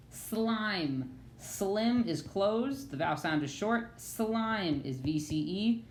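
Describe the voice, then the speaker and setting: A woman leads a children's phonics lesson in an animated, sing-song teaching voice. Her tone sits on the lower side, and the recording carries an echoey room with faint ambient hiss.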